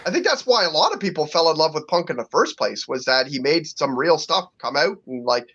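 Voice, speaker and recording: High-voiced man on dull lo-fi audio. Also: very animated, fairly quick, a bit bright. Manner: rambling, full of fillers and restarts, blunt. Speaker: podcast co-host. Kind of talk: casual wrestling chat.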